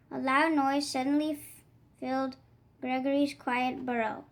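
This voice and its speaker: Woman reading a kids book aloud, high voice, gentle and expressive. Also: unhurried, slight background noise, low-quality recording. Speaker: storybook reader. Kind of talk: children's read-aloud narration.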